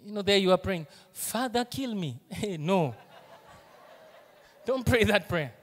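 A man with a Kenyan accent preaching a sermon as pastor, animated, moving from hushed asides to loud emphasis. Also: sits high, a little slow, long reverb tail. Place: church auditorium.

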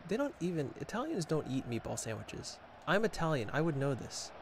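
A man's voice: a little high, big pitch swings, fairly quick, noisy background. A man streaming a video game, joking sarcastically and self-mockingly as he comments on play and answers chat. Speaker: gaming streamer. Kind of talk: casual live gameplay commentary, reading chat.

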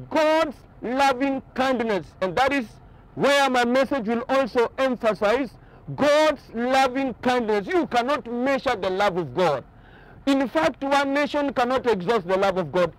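Male pastor, very high voice, emphatic repetitive preaching style. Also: poor audio. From Kenya. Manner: emphatic preaching with repeated phrases. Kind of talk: sermon. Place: outdoors on a boat by the ocean.

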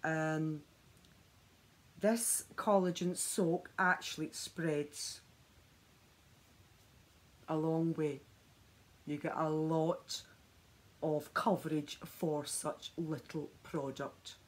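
A woman's voice: low-pitched, steady tone, drawn-out words, pauses often. A woman vlogging a skincare demonstration at home, chatty and enthusiastic as she talks straight to her viewers on the camera mic. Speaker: beauty vlogger.

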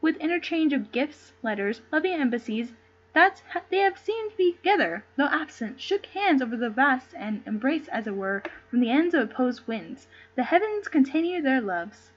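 A woman's voice: sits high, big pitch swings, moderate pace, lo-fi sound. A woman reading aloud the part of a loyal male courtier who speaks in ornate verse, stumbling now and then over the words. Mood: earnest. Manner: plain read-aloud delivery with stumbles.

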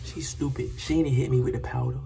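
A man's voice: medium pitch, fairly even intonation, a little fast, vocal fry, recorded from a distance. A young man teasing his partner and boasting during a spicy chip challenge, laughing and talking while his mouth burns. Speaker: vlogger. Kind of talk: casual teasing vlog banter. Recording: roomy sound from off-mic with loud background noise.

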